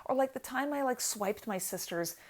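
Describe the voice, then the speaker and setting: A woman from the United States in her thirties tells a story to her vlog audience. She is chatty and animated and leans on "like" as a filler. Her voice drops low and quiet in one stretch and turns loud and excited in the next. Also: moderate pace. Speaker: vlogger, channel host.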